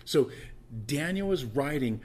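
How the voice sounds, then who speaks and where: A man preaching a sermon in a conversational teaching manner, with restarts and asides, who repeats phrases for emphasis and rises into loud, emphatic bursts. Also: fairly high pitch, expressive, a little slow. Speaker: pastor.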